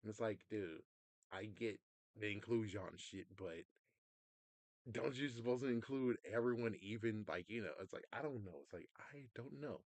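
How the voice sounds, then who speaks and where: A man's voice: on the low side, moderate pace, no room sound. A man ranting casually to his audience, rambling in a frustrated way, swearing and stepping into little quoted asides. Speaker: vlogger. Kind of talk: casual rant to camera.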